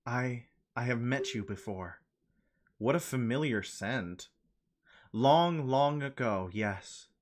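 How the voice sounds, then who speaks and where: A man voicing a solemn young man reunited with his lover, reading game dialogue aloud in a hushed, slow, wistful way. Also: medium pitch, animated, slight background noise. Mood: tender, solemn.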